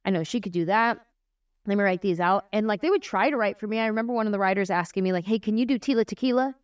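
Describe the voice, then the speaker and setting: A woman in her forties, a comedian and guest on a podcast, telling stories in a casual, animated way and acting out the voices she describes. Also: medium pitch, fast talker, clean tone, no echo. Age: 40s. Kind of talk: casual storytelling in a podcast interview. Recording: dry, slightly muffled lo-fi sound.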